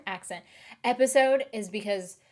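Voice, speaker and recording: A woman's voice: mid-range voice, measured pace, darkish tone. A woman in her late twenties with a light Southern US accent, chatting casually as a streamer in a rambling, hesitant way. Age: late 20s. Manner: rambling, hesitant, many fillers. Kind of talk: casual chat.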